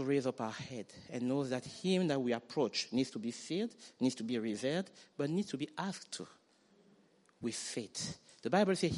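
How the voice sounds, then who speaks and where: A man preaching a sermon, animated, acting out quoted voices and building to loud declarations. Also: mid-range voice, normal speed. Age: adult parent.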